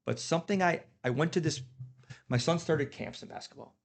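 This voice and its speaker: A man's voice: on the high side, fairly quick, creaky. A man on a podcast telling heartfelt stories about his kids in casual chat, getting emotional. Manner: earnest, emotional storytelling. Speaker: podcast guest.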